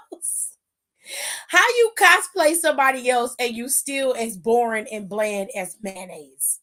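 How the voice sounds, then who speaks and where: A woman's voice: on the high side, fairly bright tone. A woman hosting a wrestling aftershow, talking in a blunt, sassy, profane way. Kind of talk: casual opinionated recap.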